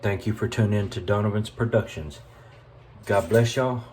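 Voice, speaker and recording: Folksy Southern man with a mellow voice. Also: lowish voice, normal speed, slight background noise. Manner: folksy, chatty, addresses viewers as y'all. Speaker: cooking video host. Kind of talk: casual cooking vlog. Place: home kitchen.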